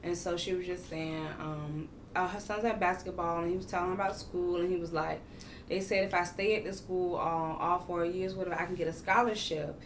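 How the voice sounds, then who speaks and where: A woman hosting a casual reality TV recap, talking in slangy, animated bursts with laughing exclamations. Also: lowish voice, a little fast, recorded from a distance, a little hiss or hum.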